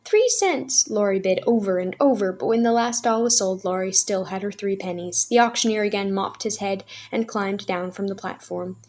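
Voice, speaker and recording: A woman storyteller gently and expressively reading a children's novel aloud. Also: mid-range voice, fairly even intonation, moderate pace, few pauses.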